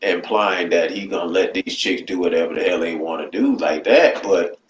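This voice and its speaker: A man's voice: sits low, normal speed. A man hosting a casual live-stream chat, blunt and profane, often asking "you know what I'm saying". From United States. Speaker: channel host. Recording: roomy echo, faint background noise.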